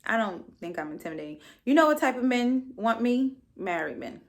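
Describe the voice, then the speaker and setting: A woman's voice: a little high, very animated, normal speed. Sassy, blunt young woman podcast host. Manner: sassy, blunt and profane, with playful asides. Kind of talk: casual solo recap monologue.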